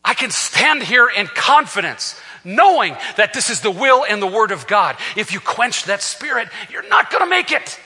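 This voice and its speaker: Husky, bright-voiced preacher man in a hall. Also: sits high, expressive, moderate pace, hardly any pauses. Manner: impassioned, swings from hushed to shouting. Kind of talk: sermon. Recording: long reverb of a large hall.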